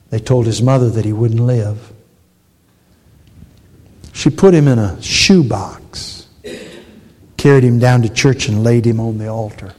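A man's voice: mid-range voice, dark tone, breathy edge. Emphatic preaching man in his sixties. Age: 60s. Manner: emphatic preaching with dramatic storytelling. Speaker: pastor. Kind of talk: sermon.

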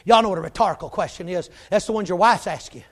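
High-voiced preacher, emphatic. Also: male voice, quick pace. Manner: emphatic, rises to shouting; folksy, joking asides. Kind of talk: sermon.

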